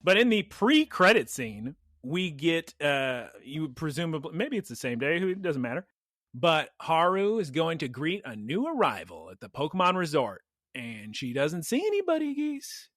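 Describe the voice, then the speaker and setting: Animated high-voiced man retelling an episode. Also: normal speed, dry recording, studio quality. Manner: animated storytelling, voices quotes. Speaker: podcast host recapping an episode. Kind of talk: casual chat.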